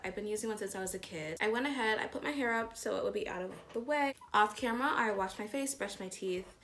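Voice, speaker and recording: A woman's voice: mid-range voice, gravelly, a little hiss or hum. A young woman vlogger chatting casually through her morning makeup routine, her voice groggy from just waking up. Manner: chatty, rambling, relaxed. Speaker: beauty vlogger. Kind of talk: casual get-ready-with-me chat.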